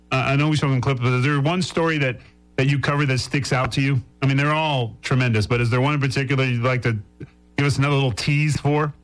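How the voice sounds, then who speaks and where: Stumbling middle-aged radio host. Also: male voice, mid-range voice, fairly bright tone, low-quality recording. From Boston. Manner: halting, stumbling questions. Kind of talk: casual radio interview.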